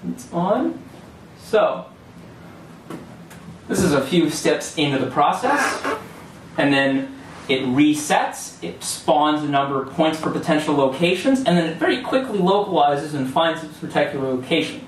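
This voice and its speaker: A man's voice: on the high side, animated, normal speed, slight background noise. A young man giving a classroom presentation, explaining step by step in a loose way with fillers and restarts. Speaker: student presenter. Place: lecture hall. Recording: echoey room from far off.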